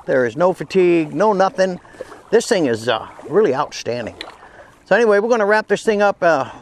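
A man with a slightly higher voice records his own casual product review outdoors, first out on a lake and later on a patio. He is folksy and enthusiastic, and he repeats his points for emphasis. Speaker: kayak gear reviewer.

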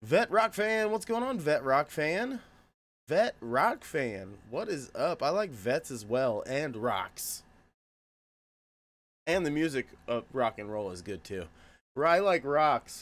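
A man's voice: mid-range voice, sing-song, takes it slowly. A man streaming games live, joking around and greeting his chat by name in a goofy way. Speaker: game streamer chatting with viewers.

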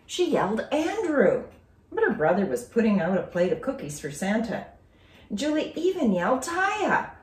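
A woman teacher reading a children's story aloud with expressive, dramatic storytelling. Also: medium pitch. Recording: roomy, distant from mic.

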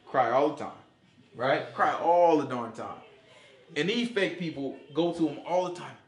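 A man preaching an informal sermon in slangy, animated talk, acting out voices as he goes. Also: a little high, measured pace. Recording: echoey room.

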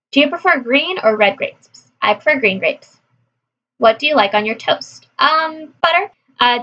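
A woman from California chatting casually through a list of questions, answering briskly with frequent laughs. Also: fairly high pitch, sharp tone, highs cut off. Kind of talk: casual chat.

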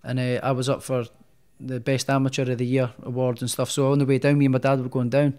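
A man's voice: medium pitch, level tone, fast talker, darkish tone, smooth. A man, a boxer, telling his story as a podcast guest in a chatty, rambling way. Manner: chatty, rambling, many restarts. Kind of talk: casual storytelling in a podcast interview.

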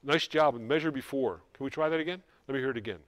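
A man coaching a high school band in rehearsal, giving quick instructions and singing rhythms to show how they go. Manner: brisk, sings rhythms to demonstrate. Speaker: band clinician. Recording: music in the background. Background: band playing.

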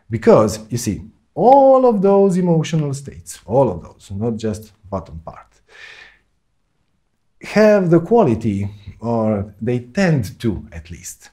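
A man teaching a spoken self-help course, talking slowly and deliberately, pausing often and rising into sudden emphasis. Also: medium pitch, darkish tone. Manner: slow, deliberate, with long pauses and sudden emphatic rises.

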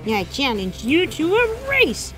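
A woman voicing a cheerful young gummy gator pirate in a kids' pretend-play video, full of excited whoas and squeals. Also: high voice, a little slow, heavily acted. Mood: boastful. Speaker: show's title character. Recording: music playing behind.

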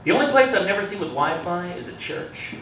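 Male stand-up comic, deadpan and self-deprecating, lively pitch, recorded from far off in an echoey club with loud crowd noise. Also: a little fast. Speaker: stand-up comedian. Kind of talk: stand-up comedy set. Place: comedy club with live audience.

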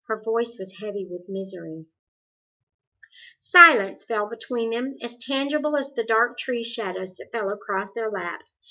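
A woman narrates a novel chapter aloud in an even, expressive storybook manner. Her voice is bright and a little breathy. The recording sounds dull and lo-fi. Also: a little high. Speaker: audiobook reader.

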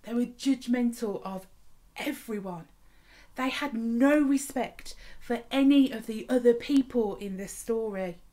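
A woman vicar telling a story and leading a school assembly in an expressive storytelling manner. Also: on the high side, a little slow.

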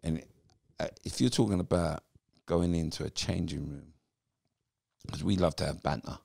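Gravelly deep-voiced British man telling stories. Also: moderate pace, no room sound. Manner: animated storyteller acting out what people said. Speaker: guest, former footballer. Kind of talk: storytelling interview.

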